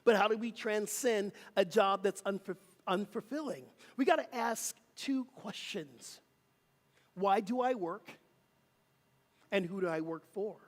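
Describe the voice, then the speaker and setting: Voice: medium pitch, measured pace. Emphatic preacher in a reverberant hall. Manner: emphatic call-and-response preaching. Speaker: minister. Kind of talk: sermon. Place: church sanctuary.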